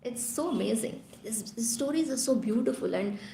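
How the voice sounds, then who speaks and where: Brief: lively female scripture teacher, fairly high voice, echoey room. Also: normal speed, vocal fry. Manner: animated storyteller, frequent "you know". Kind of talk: storytelling scripture class.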